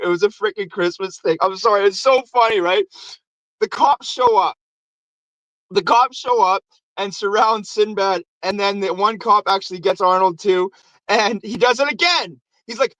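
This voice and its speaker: Heard here is a high male voice at normal speed, recorded with no room sound and low quality. The host casually runs through a movie recap full of swearing, performing quotes loudly and with animation.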